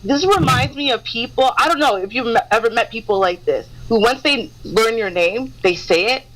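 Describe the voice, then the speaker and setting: A woman co-hosting a radio show in casual chat, playful and quick to laugh. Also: on the high side, expressive, a bit bright, low-quality recording. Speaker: radio co-host.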